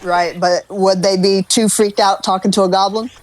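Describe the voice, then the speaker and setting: A man's voice: high-pitched, level tone, normal speed. A man playing a tabletop game, speaking hesitantly with many fillers. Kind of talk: casual play at a tabletop game.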